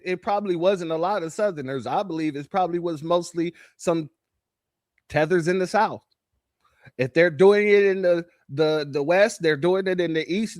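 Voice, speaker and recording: A man's voice: on the high side, no echo, studio quality. A man from California giving casual commentary, laughing often and repeating himself. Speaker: commentary channel host.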